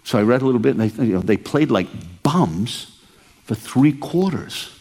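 An older man from Maine preaching a storytelling sermon, animated and acting out the dialogue. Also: moderate pace, breathy edge. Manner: animated, acts out dialogue with big pitch swings.

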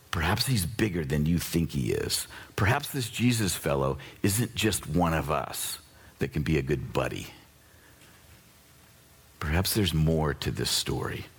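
A man preaching a sermon as pastor, talking casually and conversationally, jumping between excited high bursts and low earnest asides. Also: slightly rough.

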